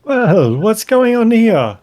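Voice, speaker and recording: A man's voice: high voice, very animated, slow, darkish tone, no echo, voice pushed up, heavily acted. A man voicing a polite holy cleric eager to help, in a tabletop game. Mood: courteous. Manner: courteous, slightly bewildered.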